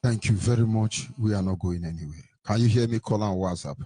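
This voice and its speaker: A man's voice: on the low side, fairly quick, warm tone, breathy edge, dry recording. A man hosting a radio call-in show, making brief, indignant interjections. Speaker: radio host.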